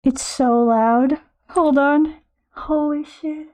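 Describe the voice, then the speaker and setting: A woman's voice: high voice, fairly even intonation, takes it slowly, warm tone. A young American woman chatting casually with her live-stream viewers, bubbly and self-mocking. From United States.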